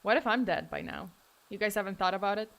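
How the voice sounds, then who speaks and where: Bright, playful woman streamer. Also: medium pitch, quick pace, gravelly. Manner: playful, mock-dramatic, laughs often. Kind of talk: casual livestream chat.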